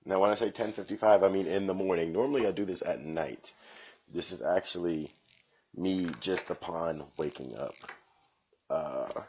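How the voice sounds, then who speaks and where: A freshly woken man rambles through a solo comedy podcast, sarcastic and full of swearing. His voice is very deep and husky, jumping from loud outbursts to mumbled asides. The recording from his home sounds dull and lo-fi. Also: moderate pace. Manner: profane, sarcastic, drifting between loud bursts and mumbling. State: just woke up, yawning.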